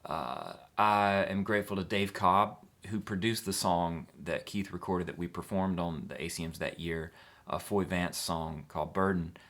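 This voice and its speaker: A man with a deep, low-pitched voice talks through fan questions in a relaxed, easygoing way. He rambles a little and drops in plenty of filler sounds between thoughts. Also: moderate pace. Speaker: singer-songwriter answering fan questions. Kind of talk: casual fan Q&A chat.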